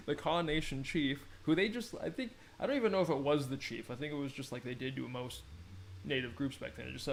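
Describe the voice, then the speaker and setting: A man's voice: medium pitch, fast talker, creaky, slight background noise, poor audio. An American man giving a rambling, combative commentary, reading an old treaty aloud and laughing often. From United States. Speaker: online commentator.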